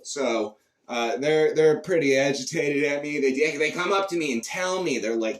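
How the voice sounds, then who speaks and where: A man performing a profane comic rant, shifting between low mutters and sudden shouts. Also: moderate pace, roomy sound, distant mic. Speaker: comedian. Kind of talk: character comedy monologue.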